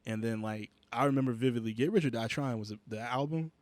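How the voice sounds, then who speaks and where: A man's voice: mid-range voice, fairly quick, no echo. Man co-host with a dry close sound. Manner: relaxed, slangy, teasing. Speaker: podcast co-host. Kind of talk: casual podcast chat.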